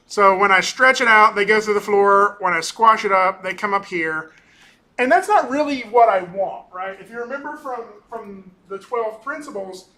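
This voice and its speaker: Guy teaching an animation class, kinda high voice, keeps saying right? and um. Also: pushed and bright. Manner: casual, talkative, keeps tagging on "right?"; frequent ums and restarts. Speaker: animation instructor. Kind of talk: recorded class lecture with screen demo.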